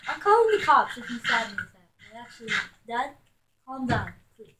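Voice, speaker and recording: A high-pitched woman plays through a goofy game role-play, teasing her partner and breaking into shouts. Her voice bounces around a roomy, echoey space, and her delivery stays loose and improvised. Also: very animated, brisk, a crowd in the background. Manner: teasing, bickering, bursts of yelling and laughter.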